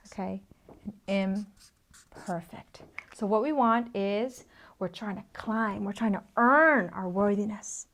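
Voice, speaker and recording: A woman in her thirties presenting a workshop at a whiteboard, speaking emphatically, often dropping to a near-whisper for effect and checking in with "okay?". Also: mid-range voice. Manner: repeats "okay?" to check in with listeners. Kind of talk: teaching talk at a whiteboard.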